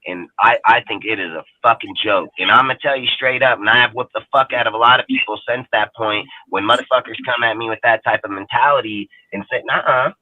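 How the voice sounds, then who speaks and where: A man's voice: on the low side, dry recording. A man from the United States co-hosting a casual talk show, ranting bluntly and heatedly with constant swearing. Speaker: podcast co-host. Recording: dry, phone-like band-limited audio.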